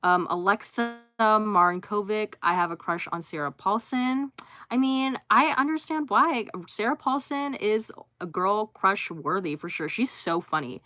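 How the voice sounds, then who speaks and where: A woman's voice: medium pitch, a little slow, pushed and bright, no room sound. A young woman hosting a casual livestream from her phone, reading out viewer comments and answering each one briefly, with laughs and fillers. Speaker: livestream host.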